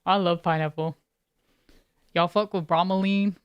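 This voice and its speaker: A woman's voice: lowish voice, steady tone, measured pace, clean tone, no echo, muffled recording. Woman streamer, laid-back casual chat, giggly, dry close sound. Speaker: game streamer. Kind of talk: casual chat with live viewers.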